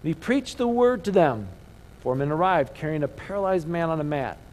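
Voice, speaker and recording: Here a man's slightly high, somewhat mellow voice moves a little fast and sounds expressive. He's a pastor preaching in a conversational way, throwing out rhetorical questions and getting the congregation to echo key words after him. It's a low-quality recording.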